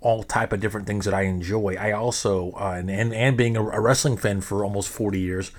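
A man's voice: on the low side, steady tone, a little fast. Rambling, profane podcast host, man. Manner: rambling, profane, frequent restarts. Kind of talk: casual podcast monologue.

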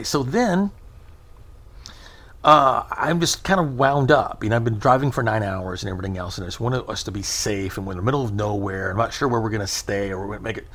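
A man in his thirties telling a long, rambling story in casual conversation, acting out the voices of the people in it. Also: lowish voice. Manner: animated, rambling anecdote with acted-out quotes.

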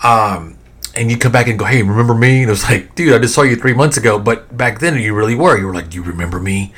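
A middle-aged man hosting a podcast, telling nostalgic stories in a rambling, animated way full of fillers and restarts. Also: mid-range voice, fast, slightly rough. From American South. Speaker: podcast host. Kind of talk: casual nostalgic storytelling.

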